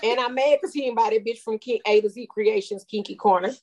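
Brash high-voiced middle-aged woman guest. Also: fairly quick, darkish tone. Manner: brash, profane, bold joking. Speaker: podcast guest and host of her own show. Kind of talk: casual chat.

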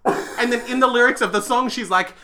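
A man's voice: extremely high pitch, fairly quick, sharp tone. A man co-hosting a podcast, chatting in a teasing, gossipy way and laughing often. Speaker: podcast co-host. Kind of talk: casual chat.

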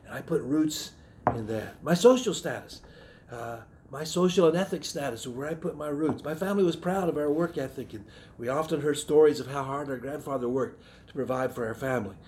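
A middle-aged man with a Southern American accent, preaching a sermon in an earnest, reflective way, often restarting phrases and clearing his throat. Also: a little high, a little fast, a little mellow, slight background noise.

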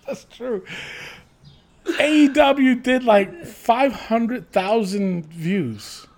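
A man co-hosting a casual chat podcast, reading listener comments aloud with animated swearing and frequent laughter. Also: extremely high pitch, extremely slow, slight background noise.

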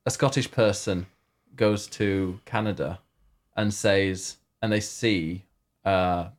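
A man's voice: low voice, steady tone, slow pace. A man co-hosting a podcast in casual chat, rambling and chatty, telling jokes, sharing one microphone with his co-host. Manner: chatty, rambling joke-teller. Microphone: one microphone shared between two.

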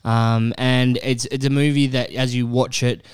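A man's voice: medium pitch, little pitch movement, unhurried, clean tone, dry recording, studio quality. A man in his thirties co-hosting a movie podcast, laid-back and reflective. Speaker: podcast co-host. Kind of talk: casual chat.

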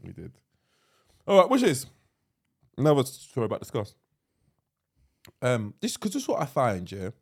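A man co-hosting a podcast in casual chat, talking in loud bursts with lots of laughing and repeated words. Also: medium pitch, huge pitch swings, moderate pace, pauses often, husky. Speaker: podcast co-host.

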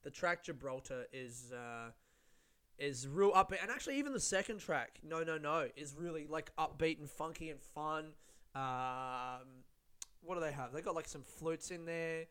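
Smooth-voiced rambling, cursing man. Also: on the high side, normal speed, a bit bright. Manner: rambling, swears a lot, self-mocking. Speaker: podcast host. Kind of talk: solo podcast monologue. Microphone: studio-style podcast mic.

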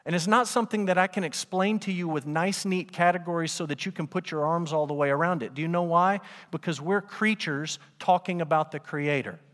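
A man's voice: a little high, brisk, few pauses, fairly bright tone. A man preaching a sermon to his congregation, in a conversational style with rhetorical questions. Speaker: pastor. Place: church sanctuary. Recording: long hall reverb.

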